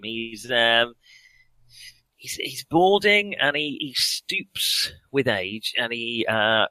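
A man narrating a tabletop game as game master, halting with frequent ums and restarts. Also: mid-range voice, bright, forceful tone, no room sound, rough recording. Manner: hesitant, many ums and restarts.

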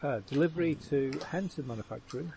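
A man's voice: on the high side, fast, creaky, dark tone, poor audio. A man in a tabletop game reading ledger entries aloud in a plain voice, with uhs and small self-corrections. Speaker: player.

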